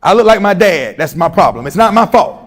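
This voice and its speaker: A middle-aged man giving a motivational, humorous speech to teachers, animated and telling stories with acted-out voices. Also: high voice, brisk. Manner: animated storyteller, humorous asides, acts out quoted voices. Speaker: keynote speaker at educators' institute day.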